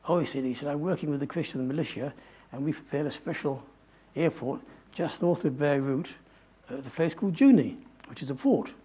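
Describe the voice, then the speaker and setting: An older man tells a long adventure story at a museum talk, stopping often to restart his sentences. His voice is dark and mellow with a husky edge. The delivery is loose and chatty. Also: fairly high pitch, fairly quick, hardly any pauses. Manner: rambling, self-correcting storyteller. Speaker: guest speaker.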